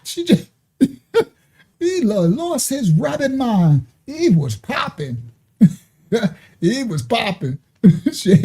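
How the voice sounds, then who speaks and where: Male ministry host, high mellow voice, loose slangy preaching with frequent laughter. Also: slightly rough. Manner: animated, slangy, laughs often. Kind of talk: casual streamed preaching.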